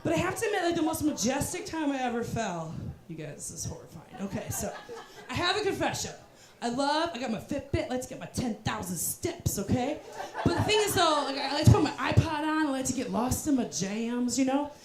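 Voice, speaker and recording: Animated woman doing stand-up, lively crowd. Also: sits high, a little fast. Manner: animated storytelling with voiced asides and self-deprecating punchlines. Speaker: stand-up comedian. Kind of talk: stand-up comedy set. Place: live comedy venue with audience. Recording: roomy live venue with crowd.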